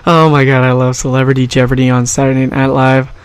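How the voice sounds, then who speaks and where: A man's voice: mid-range voice, smooth, dry recording. A man giving casual, rambling and jokey commentary over a baseball video game. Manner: rambling, jokey, self-correcting. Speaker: gaming YouTuber.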